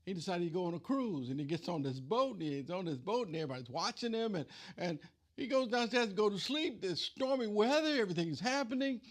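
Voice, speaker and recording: A man's voice: high-pitched, sing-song, fast talker. A man preacher giving a conversational Bible teaching, retelling scripture in plain everyday speech.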